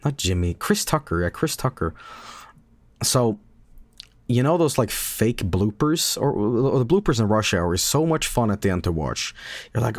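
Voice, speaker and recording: A man's voice: fairly low pitch, sing-song, normal speed, no echo. A male streamer chatting casually late at night, swearing a lot, stumbling over his words and laughing often.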